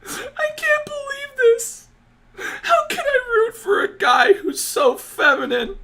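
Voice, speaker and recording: A man's voice: huge pitch swings, slow, sharp tone, a little hiss or hum, exaggerated voice. A man mocking a whiny macho fan. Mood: mock wailing. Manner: shrill mocking wail, half crying. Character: whiny, insecure macho male sports fan.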